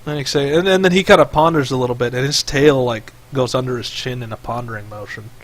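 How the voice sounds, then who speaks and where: A man narrating as game master over online voice chat, talking casually and halting with fillers. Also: mid-range voice.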